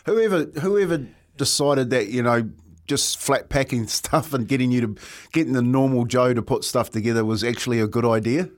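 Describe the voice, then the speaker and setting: A man's voice: medium pitch, normal speed. Laid-back New man chatting. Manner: relaxed, chuckling, slangy. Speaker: radio co-host. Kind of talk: casual banter.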